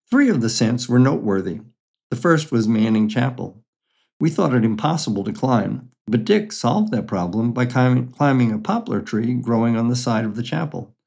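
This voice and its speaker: A man's voice: medium pitch, gravelly, a little mellow. An older man reading his own memoir stories aloud in a dry, matter-of-fact, wry way. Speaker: memoir storyteller.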